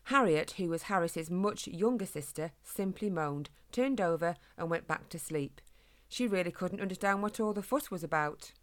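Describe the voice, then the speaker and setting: A woman narrating a children's storybook in an expressive, clear read-aloud manner. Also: on the low side.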